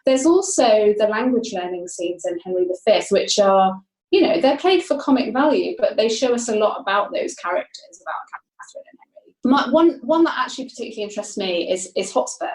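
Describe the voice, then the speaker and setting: A woman's voice: mid-range voice, lively intonation, brisk, a little mellow. A woman guest, an academic, explaining her research in a thoughtful interview, often restarting her phrases. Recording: roomy, echoey sound.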